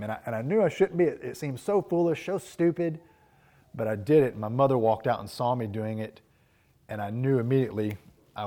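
A man's voice: medium pitch, dark tone. Earnest preacher man. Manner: personal storytelling, earnest and reflective. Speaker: pastor. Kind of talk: sermon.

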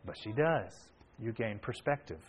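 A man preaching a sermon, telling a family story with animated energy and sudden bursts of shouting. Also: on the low side, moderate pace, husky. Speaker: pastor. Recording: dull lo-fi sound.

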